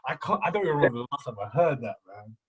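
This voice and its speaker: A young man co-hosting a casual podcast chat, slangy and quick to laugh, often repeating his words. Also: medium pitch, lively intonation, slight background noise. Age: young adult. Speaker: podcast co-host.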